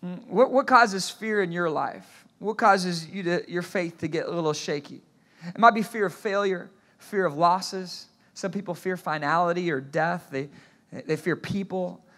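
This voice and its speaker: Male pastor, sermon delivery, high bright voice, animated storyteller with frequent restarts. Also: unhurried. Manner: asks the congregation to repeat phrases.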